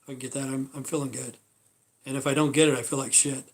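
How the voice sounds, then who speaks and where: A man's voice: medium pitch, little pitch movement, fast talker. A man hosting a casual livestream, talking in a rambling, profane way with many fillers. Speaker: livestream host.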